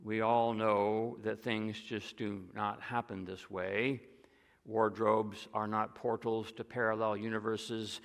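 Gravelly preacher man storytelling. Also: fairly low pitch, level tone, takes it slowly, big-room sound. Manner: storytelling, drops to a soft hush on key lines. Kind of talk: sermon.

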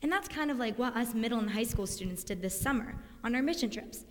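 A young woman giving a lively children's sermon in a church sanctuary, speaking with enthusiasm to kids. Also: a little high, a little fast. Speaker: student speaker leading children's moment. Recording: long church reverb.

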